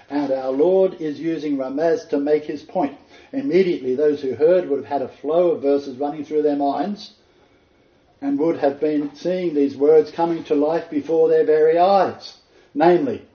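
A man teaching as a messianic rabbi and minister, quoting scripture with dramatic emphasis. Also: on the high side. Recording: echoey, dull lo-fi room sound.

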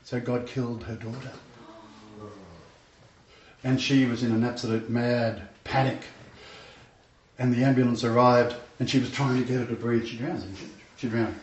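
A man's voice: mid-range voice, level tone, moderate pace, pauses often. A man preaching a sermon, telling stories earnestly and repeating key phrases for emphasis. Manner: earnest, storytelling, emphatic repetition. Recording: echoey room, distant mic, dull lo-fi sound.

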